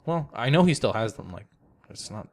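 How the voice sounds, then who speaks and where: A young man with a fairly low voice talks casually on a gaming podcast. He explains rules patiently and at length, with a relaxed, chatty flow. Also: normal speed, gravelly. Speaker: podcast co-host. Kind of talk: casual chat.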